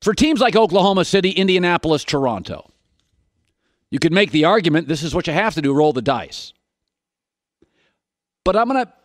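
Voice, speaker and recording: High-voiced man hosting sports radio. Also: no room sound, clean studio sound. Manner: punchy, sarcastic rhetorical questions. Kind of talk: opinionated sports talk monologue.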